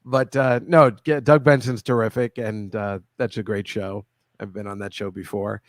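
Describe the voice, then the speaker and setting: A man's voice: on the low side, flat delivery, normal speed, dry recording, studio quality. A man hosting a casual comedy show, chatting with a guest in a rambling, self-correcting way. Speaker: host. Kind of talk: casual video-call chat.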